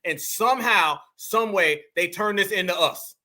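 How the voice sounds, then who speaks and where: American commentary host, very high bright voice, heated repeating rant. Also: male voice, measured pace. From United States. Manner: animated, heated, repetitive and profane. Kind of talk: reaction commentary to a live chat.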